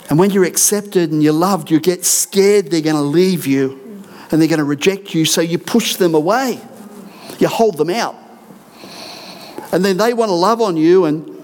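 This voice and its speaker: A man's voice: fairly high pitch, a little mellow. A middle-aged man, a senior pastor, preaching a sermon in an earnest, emphatic way with repeated declarations in a church. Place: church auditorium.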